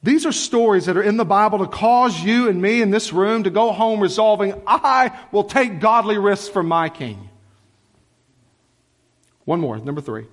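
A middle-aged male pastor preaching a sermon in a church, telling stories with lively, conversational asides. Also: sits high, normal speed, long reverb tail. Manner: animated, conversational storytelling with asides. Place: church sanctuary.

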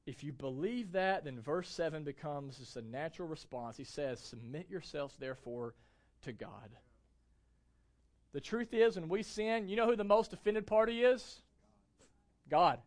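A young adult male pastor delivering a sermon in a notably high voice. He preaches with emphasis and keeps turning to the congregation with rhetorical questions. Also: a little mellow.

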